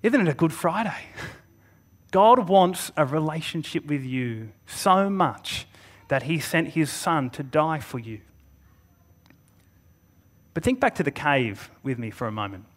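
Man preaching, earnest, bit higher voice, stops and restarts sometimes. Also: expressive. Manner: earnest, with emphatic pauses and occasional restarts. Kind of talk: Good Friday sermon.

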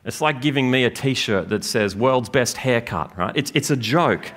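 A man preaching a sermon in a church, lively and joking with the congregation. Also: medium pitch, normal speed. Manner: lively, animated preaching with jokes. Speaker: pastor. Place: church gathering room.

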